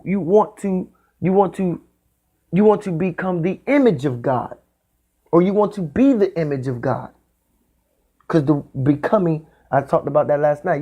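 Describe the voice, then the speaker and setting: A man giving a spiritual talk in the style of a sermon. He speaks emphatically and repeats his phrases, sometimes drawing them out slowly. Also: a little high, a little mellow. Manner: repetitive, emphatic, drawn-out phrasing. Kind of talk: preaching monologue.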